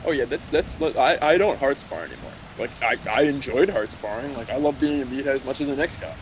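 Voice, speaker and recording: A man chatting casually, with halting restarts and some swearing. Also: medium pitch, background noise. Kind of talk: casual chat.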